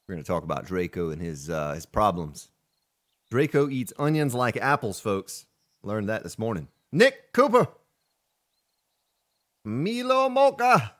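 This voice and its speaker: A man's voice: low voice, normal speed. A man hosting a let's play, chatting casually in a folksy, playful way while he plays. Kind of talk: casual gameplay commentary.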